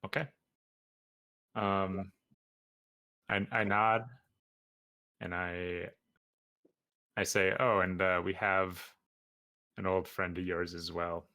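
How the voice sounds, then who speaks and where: Low voiced guy playing d&d, bright sound, stalls with uhs a lot. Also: level tone, slow pace, pauses often. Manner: hesitant, filler-heavy. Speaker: player. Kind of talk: casual tabletop play.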